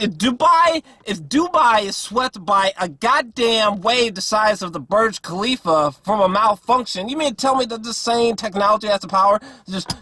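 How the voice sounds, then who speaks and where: A man with a fairly high, husky voice rants through a casual movie review. He sounds exasperated and swears freely. He stumbles over his words with lots of fillers and restarts. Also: sharp tone, no echo. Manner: exasperated, profane, rambling with many fillers and restarts.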